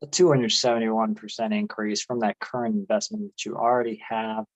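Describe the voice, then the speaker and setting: A man's voice: fairly low pitch, little pitch movement, a little fast, dry recording, low-quality recording. A man co-hosting a casual investing chat, friendly and chatty. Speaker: co-host.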